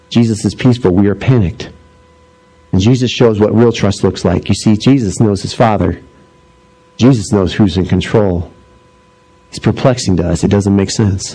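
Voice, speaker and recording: Animated preacher with a mellow voice. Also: male voice, low-quality recording. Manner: animated storytelling, acting out voices; drops low and slow for solemn points. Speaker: pastor. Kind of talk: sermon.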